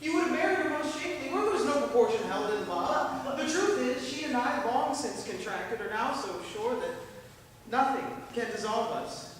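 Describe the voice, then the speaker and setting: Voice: high voice, animated, normal speed, slight background noise. An actor playing an earnest young male lover, pleading his case. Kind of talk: stage acting. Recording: echoey theatre from far off.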